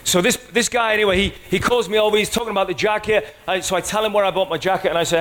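A man's voice: high-pitched, steady tone, very fast, hardly any pauses, fairly bright tone. A man preaching a sermon in a conversational way, often checking in with the congregation.

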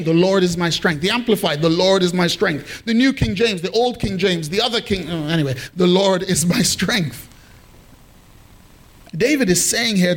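Man, pastor, high-pitched, humorous sermon, call and response, live congregation.

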